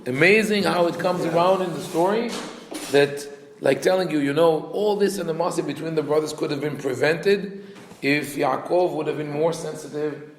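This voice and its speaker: A man's voice: on the high side, normal speed. A rabbi teaching a casual class, talking in a conversational, digressive way and acting out quoted lines as he tells a story. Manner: conversational and digressive, peppered with "you know". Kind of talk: casual Torah class lecture. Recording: echoey hall with faint background noise.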